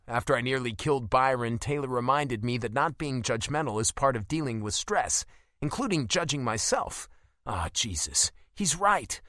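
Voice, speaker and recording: A man narrating a first-person romance audiobook in an expressive, emotional delivery. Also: medium pitch, dry recording, clean studio sound.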